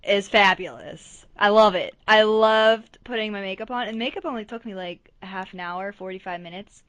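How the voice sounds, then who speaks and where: A young woman co-hosting a podcast in casual chat, bubbly and excitable, laughing often. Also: mid-range voice, moderate pace, clear, resonant tone, no room sound. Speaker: podcast co-host.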